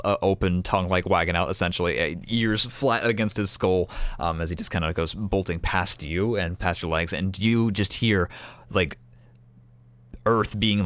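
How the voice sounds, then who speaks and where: Man game master, very low voice, dry close sound, relaxed rambling narration. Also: no room sound. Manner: casual, filler-heavy narration with sudden loud acted shouts.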